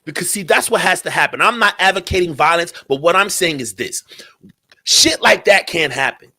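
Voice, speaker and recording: A man's voice: high voice, lively intonation, moderate pace, sharp tone. A man hosting a talk radio show, speaking in a heated, profane commentary and repeating his points.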